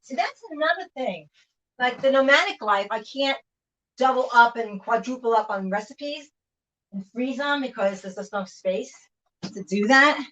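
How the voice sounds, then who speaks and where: A chatty woman rambles to her livestream viewers while she cooks, full of fillers and quick "hang on"s. Her voice often drifts away from the microphone as she moves around a home kitchen. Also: on the high side, animated, fairly bright tone, dull audio. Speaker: livestream host. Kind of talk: casual chat while cooking. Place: home kitchen, moving between rooms. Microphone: device mic, often at a distance. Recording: voice drifting far from the mic.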